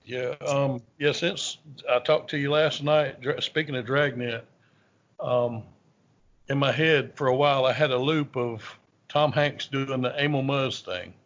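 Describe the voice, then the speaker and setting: A man's voice: medium pitch, unhurried. A male host in a casual interview, chiming in with eager fan remarks and fillers. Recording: dull recording.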